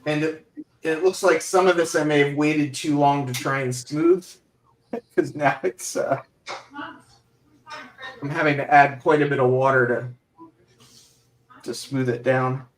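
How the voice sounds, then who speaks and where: A man's voice: on the high side, unhurried, pauses often, slight background noise. A middle-aged man hosting a casual livestream, chatting easily as he builds model scenery. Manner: relaxed, talks while building scenery. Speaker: host of a model railroad livestream. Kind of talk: casual chat while working.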